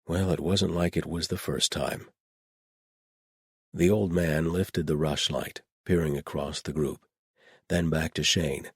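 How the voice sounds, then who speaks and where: Deep, husky male audiobook narrator. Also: fairly even intonation, unhurried, no room sound, studio quality.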